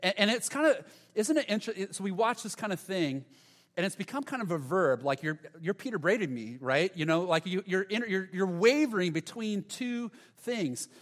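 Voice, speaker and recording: A pastor preaching a sermon to his congregation, animated and conversational, with dramatic pauses. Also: high-pitched. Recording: long hall reverb.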